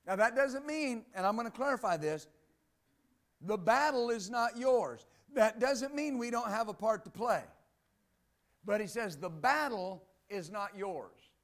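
A man preaches a sermon in a high, bright register. He reads passages of scripture aloud, then breaks them down with emphatic repetition. He returns again and again to the same short phrases to drive his points home. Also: lively intonation, measured pace. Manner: emphatic, repeats "Amen" and "believe that". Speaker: pastor.

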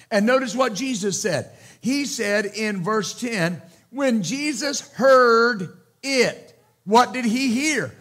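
A pastor delivering a sermon, preaching emphatically with repeated phrases and loud exclamations. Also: male voice, very high-pitched, animated, slow.

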